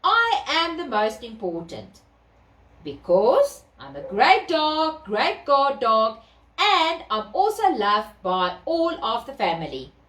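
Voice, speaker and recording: A woman's voice: fairly high pitch, huge pitch swings, slow pace, a bit bright, exaggerated voice. A woman voicing a loyal, self-satisfied male farm guard dog in a storybook reading. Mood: proud. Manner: boastful, barking woofs. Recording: echoey room, distant mic.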